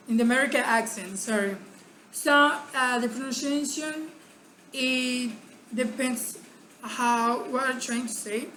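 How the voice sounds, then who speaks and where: A woman teaching a pronunciation lesson, speaking deliberately and repeating words to show how they sound. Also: on the high side, a bit bright, slight background noise. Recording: echoey room with faint background ambience.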